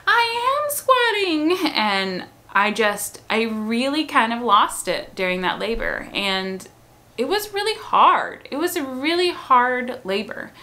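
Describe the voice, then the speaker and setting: Bright-voiced woman chatting casually. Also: a little high, animated, measured pace. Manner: chatty, with frequent "um" and "like". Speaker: mother telling her birth story. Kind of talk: casual storytelling to camera.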